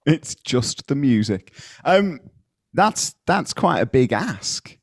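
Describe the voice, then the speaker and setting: A man's voice: mid-range voice, big pitch swings, slow pace, dry recording. A man co-hosts a podcast in loose, jokey banter, laughing often and wandering into asides. His voice sits mid-range, and the recording is dry and close with no room sound. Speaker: podcast co-host.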